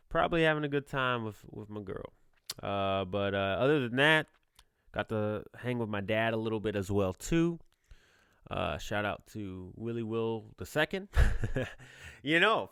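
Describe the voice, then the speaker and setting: A man's voice: medium pitch, sharp tone, clean tone, no echo, studio quality. A young man hosting a casual podcast, talking in a rambling, jokey way and laughing often. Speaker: podcast host.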